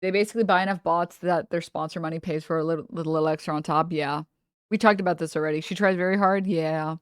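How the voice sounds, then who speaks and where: A woman's voice: sits low, fairly even intonation, quick pace, dry recording, clean studio sound. A woman streamer chatting casually, rambling with lots of fillers and trailing off mid-thought. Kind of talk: casual live-stream chat.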